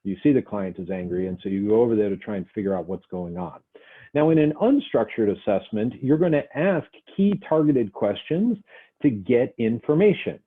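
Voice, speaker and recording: A man's voice: fairly low pitch, expressive, moderate pace, husky. A male instructor giving a conversational lecture, acting out short example dialogues as he teaches. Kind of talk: recorded lecture. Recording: tinny phone-like audio.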